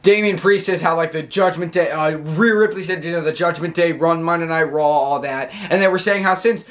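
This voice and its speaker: Man, slightly high voice, casual vlog recap, rambling, stumbles on words, laughs a lot. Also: a little fast, fairly bright tone. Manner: rambling, stammering, laughing often. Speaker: wrestling show reviewer.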